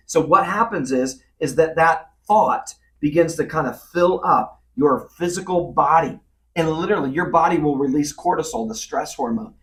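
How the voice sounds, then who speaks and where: A man hosting a leadership talk, teaching in an animated way and speaking straight to the listener, acting out quoted voices. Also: a little high, moderate pace, far from the mic. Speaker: leadership speaker and podcast host.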